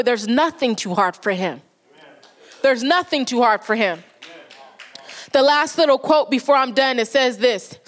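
A woman's voice: sits high, a bit bright. A woman giving a sermon in church, speaking emphatically, repeating key lines and acting out quoted prayers and conversations. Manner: repetitive, emphatic preaching with acted quotes.

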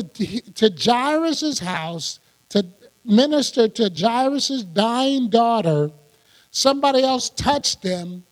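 A man preaching a sermon as pastor, animated and laughing often as he acts out quoted lines. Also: high voice. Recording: long hall reverb.

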